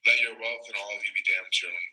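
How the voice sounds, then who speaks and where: Man voicing God as a pleading lover, bright tense tone, everyday speech. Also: lowish voice, fairly even intonation, quick pace, rough recording. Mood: exasperated. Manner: pleading, bargaining, conversational. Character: God pleading with his people, longing.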